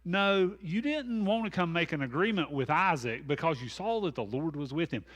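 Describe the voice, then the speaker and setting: A man's voice: fairly high pitch, animated, normal speed, fairly bright tone. Male pastor, conversational Bible study teacher who is self-deprecating and full of asides. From American South.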